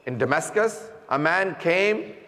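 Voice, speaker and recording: A man's voice: a little high, lively intonation, a little slow, sharp tone. A man preaching a majlis sermon, telling a story and asking the audience rhetorical questions. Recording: long hall reverb.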